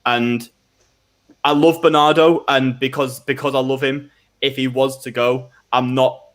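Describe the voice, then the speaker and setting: Hombre charlando de fútbol, titubeante. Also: male voice, mid-range voice, level tone, unhurried, fairly bright tone. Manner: rambling, full of restarts and fillers. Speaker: football fan pundit. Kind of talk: casual fan chat on a live stream.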